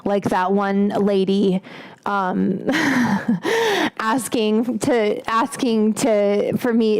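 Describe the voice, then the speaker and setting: Blunt high-voiced woman in her late 30s. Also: fairly even intonation, slow pace, a little mellow, clean tone. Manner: blunt, profane, rambling, with frequent laughs. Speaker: cooking stream host. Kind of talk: casual livestream chat. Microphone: omnidirectional mic.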